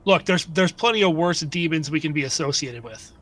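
A man with a slightly high voice banters as a player at a tabletop game. He talks fast and jokes casually. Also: lively intonation, fairly bright tone. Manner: quick, joking.

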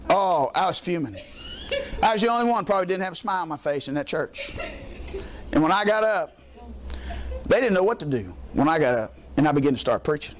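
A man's voice: on the high side, lively intonation, fairly quick, pauses often, slight background noise. A male pastor preaching a sermon in a folksy, emphatic storytelling way, repeating his points for effect.

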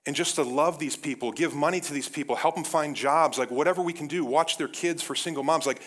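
A man preaching an energetic, casual sermon as pastor, often saying "like" and addressing the church as "guys". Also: on the high side, a little fast.

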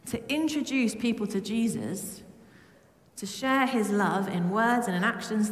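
A woman from Britain preaching a lively, humorous sermon to her church. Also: mid-range voice. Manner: humming song snippets. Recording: echoey church with long reverb.

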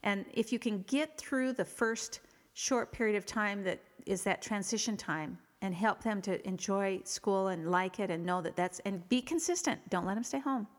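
A woman's voice: medium pitch, moderate pace. A middle-aged woman giving parenting advice in a conversational way, sharing personal stories and often restarting her sentences. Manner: earnest, rambling with frequent restarts. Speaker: parenting expert guest. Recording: reverberant hall with faint music.

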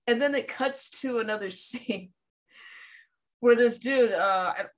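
A woman's voice: a little high, unhurried. A woman co-hosting a podcast, recapping a cartoon over a video call, blunt and casual, swearing freely. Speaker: podcast co-host.

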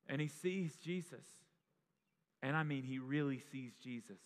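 A man's voice: on the high side, moderate pace, a bit bright. A pastor preaching an impassioned sermon, often restarting his phrases. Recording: long reverb of a large hall.

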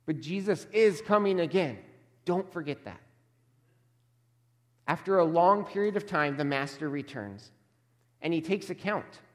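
A man preaching a sermon as a pastor, emphatic and measured, slowing down to stress key words. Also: on the high side, lively intonation, long reverb tail.

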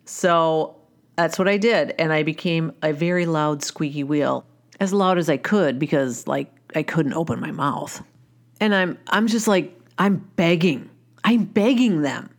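Woman, low voice, personal storytelling, candid, wry, conversational. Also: a little slow. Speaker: wife and mother.

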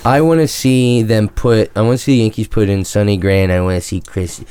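Young man, low smooth voice, teasing sports podcast co-host. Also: steady tone, brisk, dark tone. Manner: joking, teasing. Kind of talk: casual sports chat.

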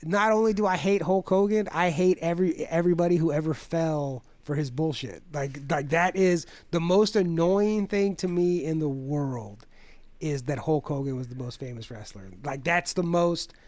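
A man's voice: fairly high pitch, moderate pace, no room sound. A man in his forties telling a story in casual chat, swearing a lot and acting out the people he quotes. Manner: profane, animated storytelling with put-on quotes.

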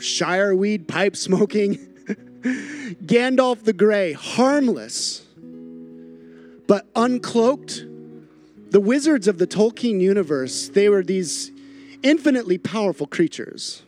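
Brief: pastor, animated sermon storyteller who repeats key phrases, with a high voice. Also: male voice, no room sound.

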